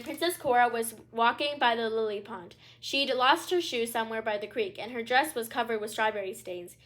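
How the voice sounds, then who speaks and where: A woman reading a children's picture book aloud in a gentle, steady storytelling manner. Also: a little high. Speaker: storybook reader.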